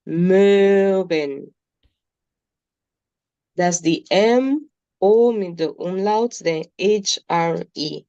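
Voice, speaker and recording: A woman's voice: fairly low pitch, slow, a little mellow, no room sound, highs cut off. A woman with a Nigerian accent teaching a beginner German class, patiently repeating words for her students. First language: Nigerian English speaker.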